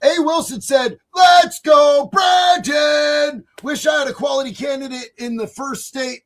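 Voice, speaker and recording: A man hosting a live stream, reading chat messages aloud in a loud, excitable way, often shouting. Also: very high voice, measured pace.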